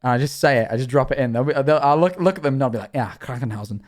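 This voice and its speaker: A man's voice: mid-range voice, rapid-fire. Rambling man on a livestream. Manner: rambling, self-deprecating, swears freely. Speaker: streamer. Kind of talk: casual chat on a livestream.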